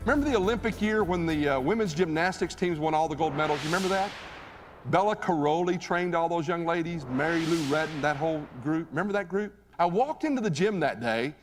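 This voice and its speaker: A man giving a live motivational speech on stage, telling a story in an animated, conversational way and asking the audience questions. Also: a little high, a little fast, soft background music. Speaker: motivational keynote speaker. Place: stage in a large hall. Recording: reverberant hall recording.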